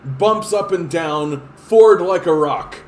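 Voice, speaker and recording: A man imitating a boastful male premier, loud drawn-out slogan delivery, fairly high voice, echoey room. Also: lively intonation, slight background noise.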